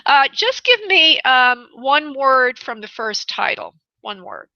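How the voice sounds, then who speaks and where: A woman from New York with a New York accent, hosting a live call-in radio show as a psychic medium, chatty and pausing to consult spirit. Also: high-pitched, big pitch swings, pushed and bright, dry recording, highs cut off. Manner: chatty, pauses to consult spirit, laughs easily.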